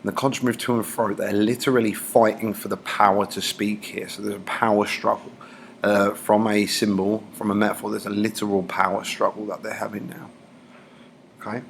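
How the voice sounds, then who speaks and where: A male teacher explains a novel to his class in a relaxed, casual way, his low voice gravelly with fry. A faint hum of room noise sits under the lesson. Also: moderate pace. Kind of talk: classroom lecture.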